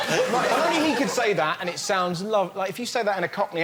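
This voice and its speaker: A man on a comedy quiz panel, excitable and giggly as he talks. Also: sits high, normal speed, pauses often. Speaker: panel show contestant. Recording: noisy studio.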